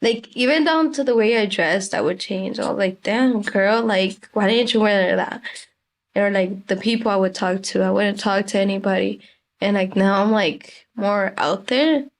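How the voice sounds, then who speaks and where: A woman's voice: medium pitch, moderate pace. Casual teenage girl, filler-heavy talk. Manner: casual, heavy use of "like" and "damn". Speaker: youth guest. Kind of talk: casual conversation.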